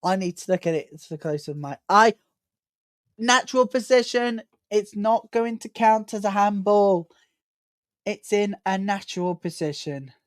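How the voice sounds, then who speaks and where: A woman calls a live football match for her stream, talking through corners and free kicks in an easy, chatty flow. Her voice is mid-pitched and sits in a dry, close recording with no room around it, rising in energy as play nears the box. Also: no room sound. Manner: chatty play-by-play, builds excitement on attacks. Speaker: host of a live football watchalong.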